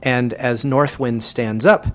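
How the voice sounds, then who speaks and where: A man's voice: mid-range voice, fairly even intonation, takes it slowly, a bit bright. A man running a tabletop game as game master, narrating casually with frequent restarts.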